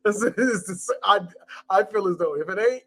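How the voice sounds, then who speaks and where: A man co-hosting a podcast, chatting casually about a movie in animated, joking banter and repeating phrases for emphasis. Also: high voice, moderate pace. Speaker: podcast co-host.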